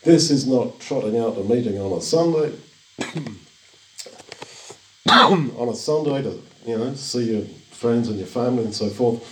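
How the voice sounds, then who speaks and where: Earnest older man preaching in echoey room. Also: medium pitch. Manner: earnest, reassuring, repeats phrases. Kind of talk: sermon. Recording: echoey room, distant mic.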